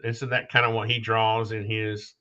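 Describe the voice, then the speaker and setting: Man, podcast host, halting casual talk, lowish pitch, sharp tense tone, muffled lo-fi audio. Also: completely flat delivery, smooth. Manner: halting, loses his train of thought. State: coughing now and then. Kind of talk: casual conversation. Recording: dull lo-fi sound.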